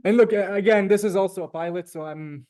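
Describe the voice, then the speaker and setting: A man teaching a beginners' language class over a video call, relaxed and chatty, with many fillers and restarts. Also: sits high, quick pace, low-quality recording. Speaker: Hebrew teacher. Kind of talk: casual online class teaching.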